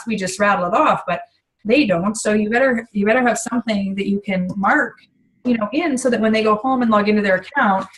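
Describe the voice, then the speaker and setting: A woman's voice: medium pitch, low-quality recording. A middle-aged woman giving a casual training talk on sharing a home business, chatty and full of fillers and asides. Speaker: essential oils business trainer.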